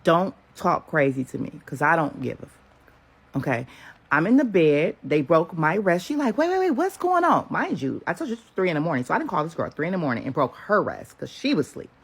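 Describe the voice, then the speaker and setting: A woman in her thirties tells a story in a sassy, casual storytime way, acting out the quotes as she goes. Her voice is husky and gravelly. Her pitch swings widely from line to line. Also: big pitch swings, fairly quick.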